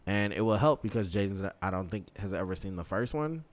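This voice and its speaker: Very deep-voiced laid-back man. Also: lively intonation, a little fast. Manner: laid-back, profane, trailing fillers. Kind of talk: casual chat.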